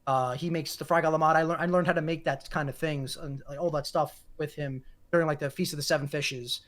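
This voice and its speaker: A man's voice: fairly high pitch, fairly even intonation, a bit bright. Rambling young New man. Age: 20s. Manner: fast rambling, repeats words, swears casually. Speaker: guest content creator. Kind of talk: casual podcast chat.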